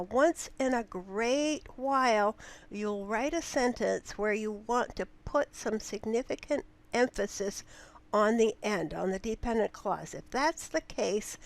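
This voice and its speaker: A woman's voice: on the high side, no room sound. Dry, patient woman teaching grammar. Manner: patient, explanatory, slow and deliberate. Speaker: writing instructor. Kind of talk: recorded lecture on grammar.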